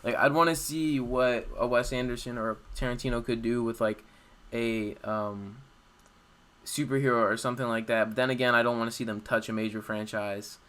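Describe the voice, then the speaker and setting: A man chatting casually on a podcast, hesitant and halting with frequent ums. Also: mid-range voice, fairly even intonation, fairly bright tone. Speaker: podcast participant.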